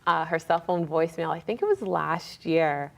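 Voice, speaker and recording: A woman's voice: low voice, moderate pace, vocal fry. A young woman from Congo, a guest in a casual interview, telling stories and acting out family conversations. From Democratic Republic of Congo. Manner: animated storyteller, acts out family dialogue.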